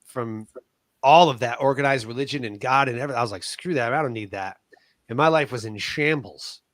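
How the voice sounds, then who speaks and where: A man's voice: medium pitch, no room sound. A middle-aged man, a military veteran, telling personal stories in an interview, acting out the voices of the people in his anecdotes. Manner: animated storyteller who acts out the voices in his anecdotes. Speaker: veteran guest.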